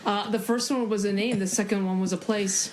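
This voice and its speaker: A woman's voice: mid-range voice, steady tone, fairly quick, a little mellow, slight background noise, low-quality recording. A woman co-hosting a podcast in casual chat, joking and laughing often. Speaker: podcast co-host.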